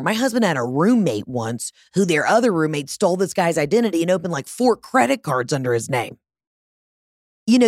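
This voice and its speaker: Woman, 30s, lowish voice, dry close sound; animated storyteller who curses freely and flips into high mocking voices. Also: no echo. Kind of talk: casual storytelling monologue.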